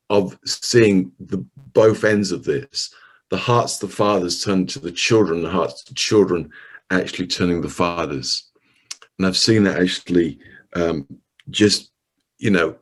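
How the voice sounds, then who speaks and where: Deep-voiced man preaching, full of restarts. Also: slightly rough. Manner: storytelling, with many restarts. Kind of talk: sermon over a video call.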